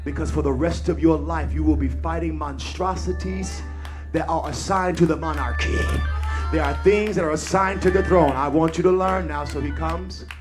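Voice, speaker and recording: A man preaching a sermon, swinging from low, intimate remarks into shouted, sing-song refrains that repeat phrase after phrase and call on the congregation to answer. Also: steady tone, moderate pace, over music. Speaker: pastor. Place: church service.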